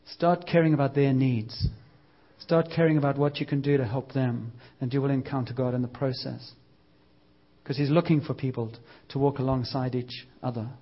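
A man preaching a sermon in a church, lively and using a prop as a visual aid. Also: medium pitch, moderate pace, lo-fi sound.

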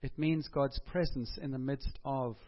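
A man's voice: mid-range voice, fairly even intonation, measured pace. A man preaching a sermon in an earnest, conversational way, asking his listeners rhetorical questions. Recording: dull lo-fi recording.

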